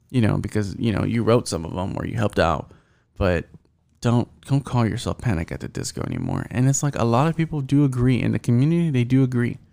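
Creaky and a little dark in tone, a mid-range male voice carries a solo podcast rant. The young host wanders from point to point, cursing, stumbling over fillers, and starting sentences over.

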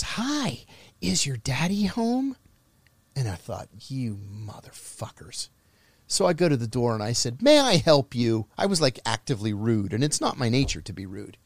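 Middle-aged man, lively storyteller, voice swinging up and down, dry close sound. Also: medium pitch, slightly rough, no room sound. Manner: animated, acts out quoted voices. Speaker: podcast guest. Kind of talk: casual storytelling.

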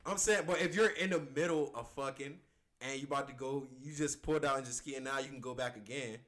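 A man co-hosting a podcast, laughing often and explaining himself in crude, animated chat. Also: mid-range voice, fast. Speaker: podcast co-host. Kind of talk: casual chat.

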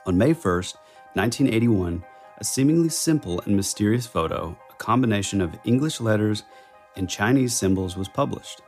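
A man's voice: fairly low pitch, normal speed, soft background music. A man co-hosting a casual podcast, joking with his partner and reading a recap in a dramatic tone. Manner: animated, reads recap narration in a dramatic tone. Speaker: podcast co-host.

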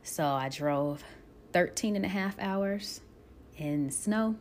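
Earnest woman with a lowish voice. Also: a little hiss or hum. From Buffalo, New York. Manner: earnest, emotional, with pauses and restarts. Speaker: aspiring actress telling her story. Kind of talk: personal storytelling.

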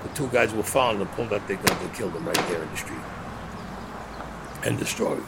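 A man's voice: lowish voice, animated, fast, vocal fry, very noisy. A man telling a blunt, profane story as an interviewee, acting out the dialogue as he goes. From New York. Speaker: former mobster interviewee.

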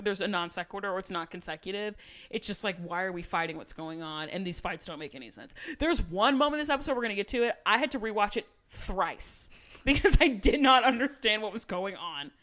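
A woman's voice: medium pitch, fairly bright tone. A woman co-hosting a casual chat podcast. She tells scenes in a chatty, dramatic way and slips into quoted voices as she goes. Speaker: podcast co-host.

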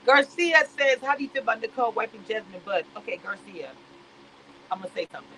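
A woman giving sassy, animated reality-show commentary on a live stream. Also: a little high, a little fast, background noise.

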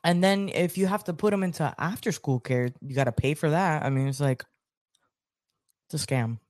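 Woman co-host in her thirties, chatty and animated, somewhat low voice, dry close mic. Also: moderate pace, no room sound. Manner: animated storytelling, acts out her daughter's lines. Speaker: podcast co-host. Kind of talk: casual chat.

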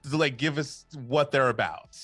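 A man co-hosting a casual movie podcast, emphatic and quick to laugh. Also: mid-range voice, slightly rough, dry recording, faint music behind. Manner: animated, emphatic, laughs often. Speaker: podcast co-host.

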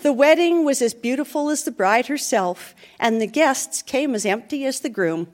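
A woman reads a dark comic fairy tale aloud. Her high voice swings widely in pitch. The telling is playful and animated throughout. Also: moderate pace. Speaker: storyteller. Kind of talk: reading a comic story aloud.

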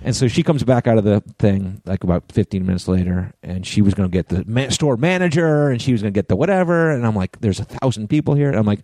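Low, mellow man telling a story. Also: quick pace, hardly any pauses, dry recording. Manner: profane, animated storyteller acting out both sides of a quarrel. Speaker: podcast co-host. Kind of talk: casual storytelling chat.

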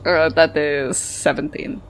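A woman's voice: sits low, fairly even intonation, takes it slowly, slight background noise. A woman playing a tabletop game and describing her character's actions. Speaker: player.

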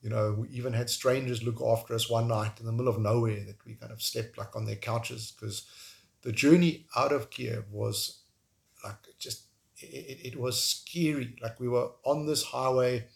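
A man with a South African accent, speaking as an interview guest in an emotional, halting way, with frequent restarts. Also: medium pitch, steady tone, vocal fry. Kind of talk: remote interview conversation.

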